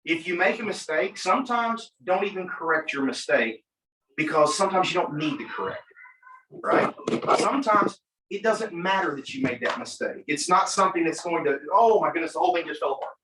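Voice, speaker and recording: A man who is an attorney, coaching a class on mock trial in an animated way, acting out courtroom exchanges. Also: fairly high pitch, moderate pace, a little hiss or hum. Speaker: attorney, guest speaker. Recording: echoey room, mic from far off.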